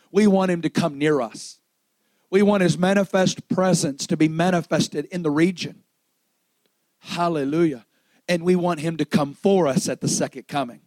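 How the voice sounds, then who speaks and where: A man preaching a sermon, dramatic, swinging between loud exclamation and hushed storytelling, acting out the dialogue in the stories he tells. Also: a little high, dry recording.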